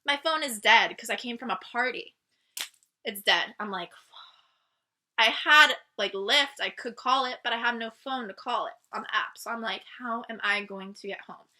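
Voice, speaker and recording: Woman vlogger telling a story, super bright voice, kinda high, animated, acts out what people said. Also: moderate pace. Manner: animated, acts out quoted dialogue. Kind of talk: casual storytelling to camera.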